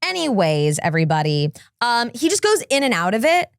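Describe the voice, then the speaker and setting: A woman co-hosting a casual talk show, chatty and animated as she explains online gossip. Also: a little high, a little fast, clean tone, dry recording, clean studio sound. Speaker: co-host.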